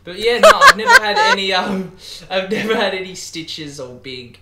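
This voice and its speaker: A man's voice: high-pitched, wildly swooping pitch, moderate pace, heavy background noise. A young man, a podcast guest chatting casually and animatedly, swearing and breaking into laughter. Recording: roomy echo.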